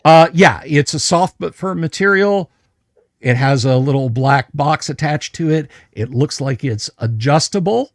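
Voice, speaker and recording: A man running a tabletop game livestream as game master, slowly describing what the players find, with lots of hesitant fillers and restarts. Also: on the high side, animated, no echo, studio quality. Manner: describes items slowly and carefully.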